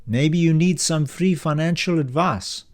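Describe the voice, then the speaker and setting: Guy putting on a skeptical bank officer voice, pitched way up, all dramatic disbelief. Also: a little slow, natural voice. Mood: businesslike. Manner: exclamatory, theatrical disbelief.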